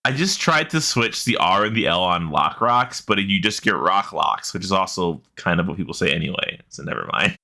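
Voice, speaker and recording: Bright-voiced excitable man. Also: normal speed, gravelly, few pauses. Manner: excitable, swearing, jumps to loud high laughs. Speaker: podcast co-host. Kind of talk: casual chat.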